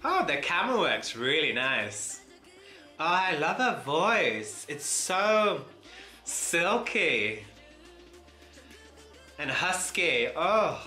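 Man, bright voice, lively pitch, exclamatory reactions, echoey room, music underneath. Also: extremely slow, long pauses. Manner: gushing, exclamatory, frequent oohs and gasps. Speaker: dance reaction vlogger. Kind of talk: excited reaction commentary. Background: music playing.

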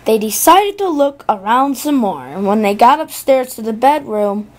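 A woman's voice: a little high, lively intonation, moderate pace. A young female narrator reading a children's fairy tale aloud in a sing-song way, with a few small slips.

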